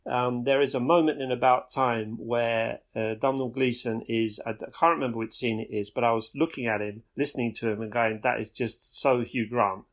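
A man's voice: mid-range voice, fairly even intonation, brisk, few pauses. A man co-hosting a podcast, chatting casually about films and rambling with many restarts. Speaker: podcast co-host. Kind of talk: casual film chat.

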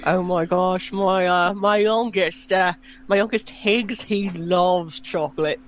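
A woman's voice: lowish voice, fairly even intonation, slow pace. A woman chatting in character during a tabletop game, doting and talkative. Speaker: player.

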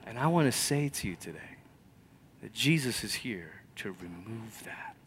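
Man, pastor, sermon, conversational storytelling, sudden hushed whispers, grew up in Malaysia. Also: fairly low pitch, sing-song, normal speed, slight background noise. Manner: dramatic swings from loud to near whisper.

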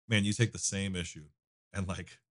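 A man with a very low, deep voice tells stories in a relaxed, rambling way. He is a shop owner talking as a podcast guest, restarting his sentences often. He sounds like a man in his thirties. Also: normal speed. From United States. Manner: loose storytelling with frequent fillers and restarts. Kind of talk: casual conversation.

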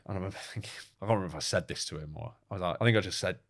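A young man telling an animated story as an interview guest, swearing and laughing now and then. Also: sits low, rapid-fire, creaky, no echo, clean studio sound. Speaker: guest, record-setting ocean rower.

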